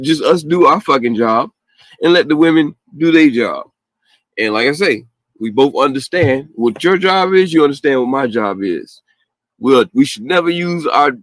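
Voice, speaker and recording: A man's voice: mid-range voice, a bit bright, no room sound, poor audio. Blunt, heated man ranting casually. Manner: blunt, heated, slangy, with frequent laughs. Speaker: podcast host. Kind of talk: casual profane rant.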